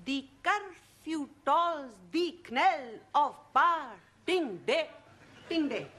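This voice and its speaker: Solemn student reciter, high lilting voice, slow and deliberate, faint audience murmur. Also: female voice, expressive, fairly bright tone, heavily acted. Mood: earnest. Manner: halting broken English, formal. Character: earnest woman student reciting poetry.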